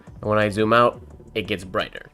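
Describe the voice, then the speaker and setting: A man's voice: fairly low pitch, moderate pace, soft background music. A man streaming a calligraphy session, talking casually as he thinks aloud over his work and then reading a holiday poem aloud. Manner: relaxed, thinking aloud while writing.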